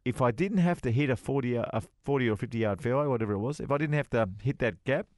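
A middle-aged man, co-host of a golf radio show, telling an animated anecdote in casual chat and putting on other people's voices as he quotes them. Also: mid-range voice, quick pace, no room sound, studio quality. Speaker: co-host, former touring golf pro.

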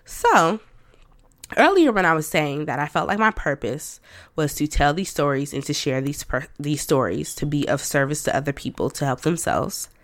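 A deep-voiced woman speaks at a moderate pace with an animated delivery, in a dry recording. Hosting her own podcast, she offers a candid, reflective monologue about herself, sprinkled with self-talk and soft laughter.

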